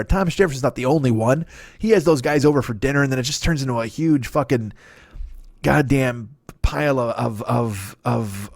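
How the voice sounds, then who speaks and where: Fifties guy ranting fast and swearing a lot, dead dry sound, comedy podcast monologue. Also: medium pitch, no echo. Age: 50s. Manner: profane, ranting, animated.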